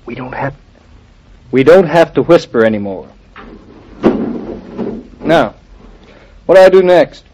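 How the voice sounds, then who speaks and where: A man's voice: mid-range voice, lively intonation, moderate pace, darkish tone, a little hiss or hum, natural voice. A man playing a wisecracking young husband. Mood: teasing. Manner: wry and joking. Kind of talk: vintage radio drama acting. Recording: muffled old radio recording.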